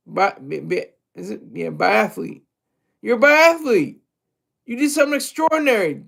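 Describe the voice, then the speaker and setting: A man's voice: high-pitched, animated, moderate pace, gravelly, fairly bright tone. A man streaming a crude, mocking, rambling commentary rant.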